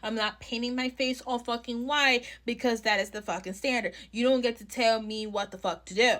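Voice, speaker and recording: A woman's voice: on the high side, steady tone, normal speed, fairly bright tone. A young woman with a New York accent ranting bluntly into her phone, swearing freely and hammering her points home. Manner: blunt, profane, heated. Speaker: clown content creator. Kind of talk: casual ranting vlog.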